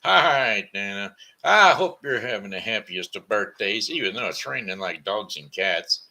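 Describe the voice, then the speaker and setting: A man's voice: fairly low pitch, animated, moderate pace, bright, forceful tone. A man hosting a casual live stream, folksy and rambling with sing-song asides. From Missouri. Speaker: host.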